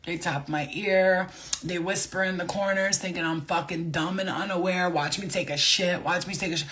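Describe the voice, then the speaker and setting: A woman's voice: mid-range voice, normal speed, fairly bright tone. Woman, spiritual vlogger, unscripted rant: swears constantly, heated and emphatic, loose casual delivery. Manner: loose, casual phrasing with many fillers.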